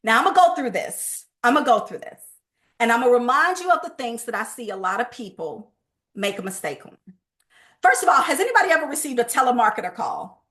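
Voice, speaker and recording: Bright, high-voiced woman coaching sales. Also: quick pace. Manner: lively, preachy, acts out phone calls. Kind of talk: motivational sales training talk.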